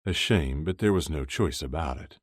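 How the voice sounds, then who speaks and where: A man reads an audiobook in a measured, even way. His voice is very deep. The recording is dry and close. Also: slightly rough, dry recording. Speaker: audiobook narrator. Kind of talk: scripted narration.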